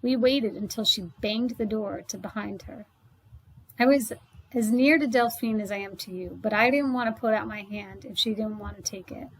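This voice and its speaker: A woman's voice: a little high, slightly rough, low-quality recording. A woman reading a children's novel aloud, narrating steadily in the first person with a small slip now and then. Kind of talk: read-aloud book narration.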